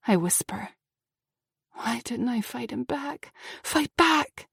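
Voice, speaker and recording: A young woman reads first-person audiobook narration with strong feeling. She turns tense, then drops to a hushed tone. Her voice sits at a middling pitch, with a dry, close sound. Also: lively intonation, takes it slowly, vocal fry, slightly rough, no room sound. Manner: emotional, shifting between tense and hushed.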